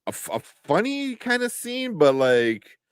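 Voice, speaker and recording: A man co-hosting a casual show review chat, animated and laughing often, with lots of fillers. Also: high-pitched, a little slow, clean tone, dry recording, studio quality. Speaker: podcast co-host.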